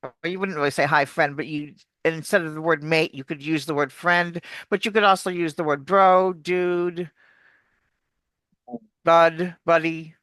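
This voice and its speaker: A woman's voice: low voice, fairly even intonation, a little slow, a bit bright, no room sound. A woman, a coach explaining pronunciation in a chatty, restarting way during an interview. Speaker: accent coach. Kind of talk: casual video-call interview.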